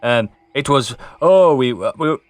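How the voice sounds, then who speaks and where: A man playing a tabletop game with a lively, swooping voice. He is jokey and playful, trading banter at the table. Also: medium pitch, takes it slowly, dry recording. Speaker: player. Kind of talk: casual tabletop play.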